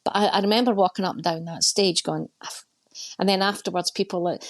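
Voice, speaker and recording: A middle-aged woman with a Scottish accent and a somewhat low voice. She talks frankly in an interview, mixing dry humor into her stories. She slips into animated voices whenever she quotes other people. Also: brisk. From Scotland. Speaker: comedian guest. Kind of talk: candid interview storytelling.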